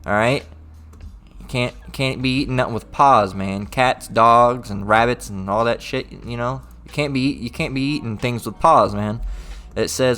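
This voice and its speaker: Soft background music plays as this man, speaking at normal speed in a mid-range, slightly bright voice, casually reads scripture aloud verse by verse. A religious teacher, he reads the old-style text with more lift and checks in repetitively with "all right?" after nearly each line.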